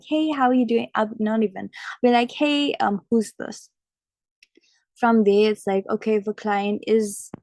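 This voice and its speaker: A woman's voice: medium pitch, creaky, dark tone, no echo. A young adult woman vlogger and model, telling stories in a casual chat full of "like" fillers. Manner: chatty, frequent "like" fillers.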